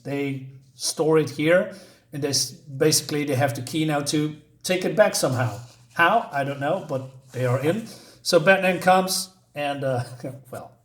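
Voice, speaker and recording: A man casually talking through a comic book issue, hesitant and full of ums and uhs, often correcting himself. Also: on the high side.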